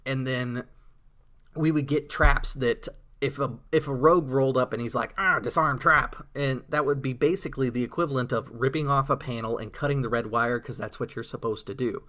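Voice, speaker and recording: Brief: man, mid-pitched, casual rambling gamer monologue, enthusiastic storyteller. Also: fairly bright tone. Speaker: tabletop RPG blogger. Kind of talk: casual monologue about tabletop gaming.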